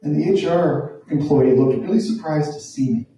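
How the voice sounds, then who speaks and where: A man in his forties tells a stand-up story in a wry, self-deprecating, conversational way. His voice is deep-toned and mellow. The mic sits some way off, in a very echoey room. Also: normal speed, recorded from a distance. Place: small theatre room.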